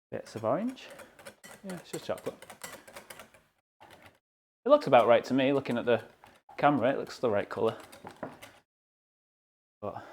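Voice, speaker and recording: A young British man streaming live from his home kitchen, chatting casually and joking at his own expense while he bakes. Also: mid-range voice. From United Kingdom. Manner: chatty, joking, self-deprecating.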